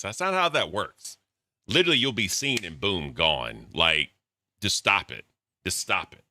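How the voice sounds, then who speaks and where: A man's voice: low voice, big pitch swings, moderate pace, sharp tone, no room sound. A man giving mocking, profane reaction commentary, talking to his chat. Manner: addresses chat as bro. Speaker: streamer reacting to clips.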